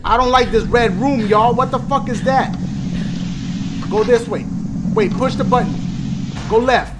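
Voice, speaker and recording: A man doing loud, profane let's play commentary, jumping to shouts when scared. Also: extremely high pitch, a little slow, noisy background. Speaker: gaming video host.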